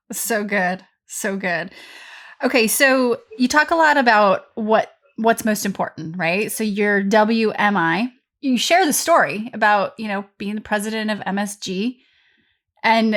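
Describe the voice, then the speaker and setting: A woman hosts an interview over a call, asking questions in an encouraging way. Her voice sits at a typical pitch for a woman. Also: unhurried, fairly bright tone. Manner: encouraging, laughs along. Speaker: podcast host. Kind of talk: conversational interview.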